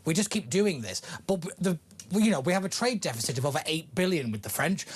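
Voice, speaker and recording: Male guest, fairly high voice, ranting, emphatic. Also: expressive, fast talker, husky. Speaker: studio guest commentator. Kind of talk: heated opinion talk.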